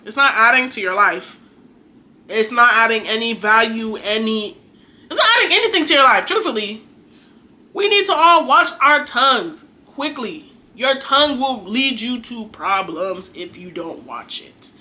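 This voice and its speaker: A woman's voice: a little high, sharp tone. A young adult woman giving an earnest, chatty faith talk to her viewers, exhorting and conversational. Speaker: faith vlogger. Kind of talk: casual preachy monologue.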